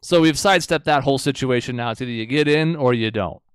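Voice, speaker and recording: A man co-hosting a podcast, chatting casually and laying out his points in long, measured explanations. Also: medium pitch, clean tone, no room sound. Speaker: podcast co-host. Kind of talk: casual chat.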